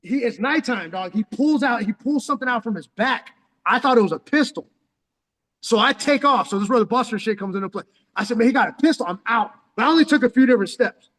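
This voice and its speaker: A man's voice: very high voice, expressive, quick pace, fairly bright tone. A man in his forties from San Diego telling a story in casual, slangy, profane talk that is full of "dog". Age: 40s. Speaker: vlogger. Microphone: headphones on. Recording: long echoing reverb.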